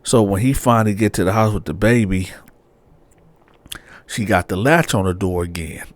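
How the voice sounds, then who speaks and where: A man casually telling a true-crime story, slangy and animated, often checking in with "right?". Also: on the low side, moderate pace, dry recording.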